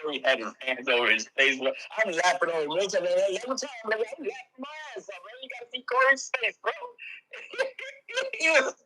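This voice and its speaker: A man in a casual live-stream chat, animated and profane, often trailing off mid-thought. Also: high-pitched, brisk, a crowd in the background, low-quality recording.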